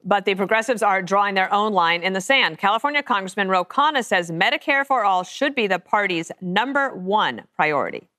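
A woman co-hosting a TV talk show, reading the scripted opening in a lively, wry way. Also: medium pitch, a little fast, few pauses, no room sound, clean studio sound. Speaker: TV show co-host.

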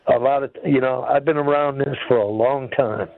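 A man's voice: medium pitch, steady tone, normal speed, gravelly. An older man calling in to a radio show, talking in a rambling, folksy way. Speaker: caller. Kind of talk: phone-in chat. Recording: tinny phone line.

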